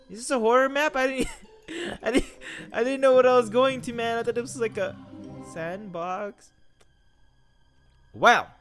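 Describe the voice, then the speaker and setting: A man's voice: sits high, a bit bright. A young man doing jokey horror game commentary, rambling to himself and yelping when startled. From Philippines. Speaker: gaming YouTuber.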